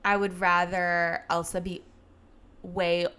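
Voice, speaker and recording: A woman's voice: fairly low pitch, little pitch movement, a bit bright, clear, resonant tone. Joking young woman in banter. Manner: quick quips and reactions, jokey banter. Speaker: podcast co-host. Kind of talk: casual podcast chat.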